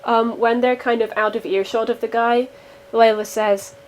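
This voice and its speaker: A woman's voice: fairly high pitch, steady tone, normal speed, slight background noise. A woman playing a tabletop role-playing game, chatting casually and hesitantly as she describes her character's actions.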